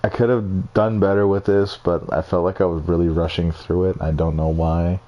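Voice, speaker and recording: In this casual screen-recorded tour of his game builds, a young man speaks at normal speed in a deep, level voice, with the highs cut off. He rambles along, swearing freely and knocking his own work.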